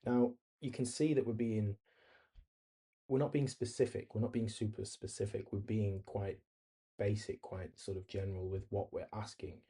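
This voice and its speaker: A man's voice: on the low side, fairly even intonation, normal speed, warm tone, breathy edge. A man hosting a screen-recorded coding tutorial, talking easily and thinking aloud as he types and reads replies. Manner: easygoing, thinks aloud while typing and reading replies. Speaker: tutorial host.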